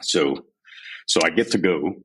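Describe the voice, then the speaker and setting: A man's voice: low voice, measured pace, a little hiss or hum, poor audio. A man in his forties from Texas, a podcast guest and army veteran, telling his story candidly and with animation in an interview. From San Antonio, Texas. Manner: candid, animated retelling with quoted voices.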